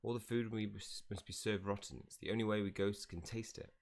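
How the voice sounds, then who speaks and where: A man's voice: lowish voice, fairly even intonation, brisk, lightly acted. A man voicing a pompous, theatrical old male ghost nobleman in a grand, formal manner, reading game dialogue aloud. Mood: grandiose. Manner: grand, formal delivery, attempting a British accent.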